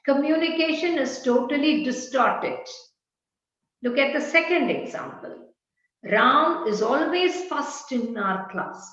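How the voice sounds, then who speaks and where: A woman leading an online workshop, explaining and repeating example phrases aloud. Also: high-pitched. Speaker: workshop trainer. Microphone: video call. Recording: very echoey, dull video-call audio.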